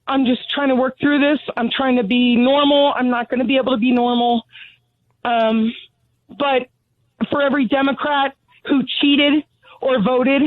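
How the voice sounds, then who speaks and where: A woman's voice: sits high, dry recording. Furious breathless woman on a tinny phone line. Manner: furious, blunt, sarcastic. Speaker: caller. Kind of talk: call-in radio rant. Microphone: telephone.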